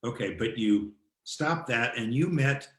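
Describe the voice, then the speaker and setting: A male interview host who asks his guest questions haltingly, restarting his sentences. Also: mid-range voice, animated, a bit bright. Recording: echoey room.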